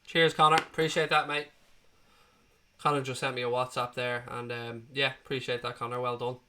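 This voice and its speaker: A man's voice: mid-range voice, flat delivery, moderate pace, pushed and bright. An Irish man in his thirties hosting a live football watchalong, chatting casually and answering viewers' comments one by one. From Ireland. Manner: chatty, matey, answers chat questions one by one. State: recovering from being sick.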